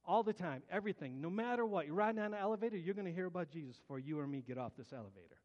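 Male pastor, testimony sermon, fairly high voice, long hall reverb, earnest and plainspoken. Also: lively intonation, rapid-fire, a little mellow, highs cut off. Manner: earnest, colloquial storytelling with stammered restarts.

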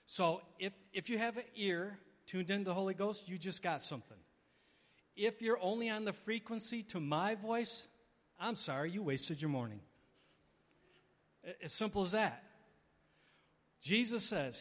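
A man with a fairly high voice preaches to his congregation with animated, dramatic storytelling and playful asides. His voice rings out with a long reverb through the church sanctuary. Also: normal speed, long pauses. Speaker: pastor. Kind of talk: sermon.

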